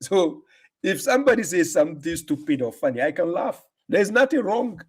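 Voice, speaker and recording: A man's voice: high-pitched, big pitch swings, normal speed, slightly rough. Combative male streamer. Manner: combative, mocking, repeats himself for emphasis. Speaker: livestream host answering comments. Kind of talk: casual livestream talk.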